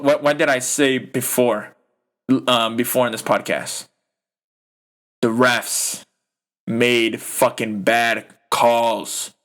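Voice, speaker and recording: A young podcast host rants about a football game, heated, profane, and rambling, with plenty of fillers. His voice is medium in pitch with a fairly bright tone.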